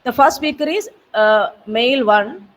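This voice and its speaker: A woman giving patient, step-by-step software training over a video call, with frequent fillers. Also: fairly high pitch, unhurried, recorded from a distance, poor audio. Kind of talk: online training session walkthrough.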